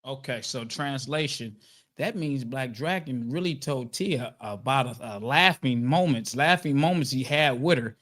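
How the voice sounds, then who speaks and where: A man's voice: mid-range voice, animated, unhurried, fairly bright tone. A man co-hosting a casual podcast, teasing his partner and piling up fillers as he talks. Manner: teasing, filler-heavy, keeps saying "you know". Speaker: podcast co-host.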